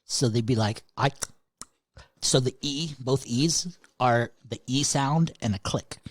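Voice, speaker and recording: A man with a husky, slightly rough voice riffs crude jokes on a podcast. The sound is close and dry, with no room around it. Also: mid-range voice, measured pace, no room sound. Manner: crude, joking. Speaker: podcast co-host. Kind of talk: casual joking chat.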